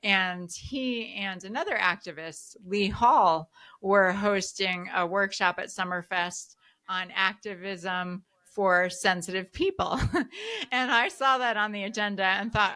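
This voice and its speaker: A woman hosting a podcast, telling stories in a lively conversational way with frequent laughter. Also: medium pitch, a little slow. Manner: animated storyteller, laughs often. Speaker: podcast host.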